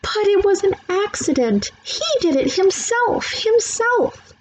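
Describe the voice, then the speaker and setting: A woman voicing a whiny, guilty young girl who pleads slowly. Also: sits high, expressive, creaky, breathy edge, pitched above the performer's own voice, full character voice, rough recording. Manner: pleading, slow whine.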